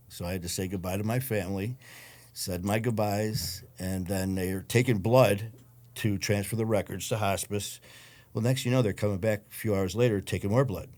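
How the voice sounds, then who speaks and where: A man's voice: on the low side, a little mellow. A man, a guest telling his story in a blunt, profane way and acting out the voices of others. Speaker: interview guest. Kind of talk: storytelling in a casual interview.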